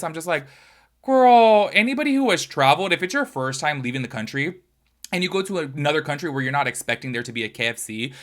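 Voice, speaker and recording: A man chatting in a casual commentary vlog, expressive and slangy, who swears often and keeps asking "do you know what I mean". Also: mid-range voice. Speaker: commentary YouTuber.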